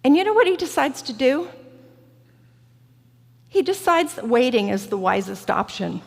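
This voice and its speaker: Woman preacher, reflective sermon, slightly high, gravelly edge, long church reverb. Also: sing-song. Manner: reflective, personal, slow and deliberate. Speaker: guest preacher. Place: large church sanctuary.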